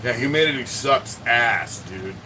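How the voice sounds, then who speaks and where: A man's voice: mid-range voice, lively intonation, unhurried, recorded from a distance, noisy background. A man hosting a casual livestream, rambling with lots of swearing and greeting viewers by name from his home art studio. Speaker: livestream host.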